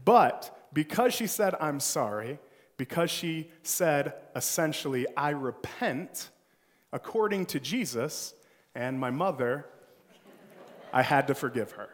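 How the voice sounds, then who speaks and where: A man's voice: fairly high pitch, expressive, a little slow. A male pastor preaching a sermon, telling a childhood story with a playful, joking manner. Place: church sanctuary. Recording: long church hall reverb.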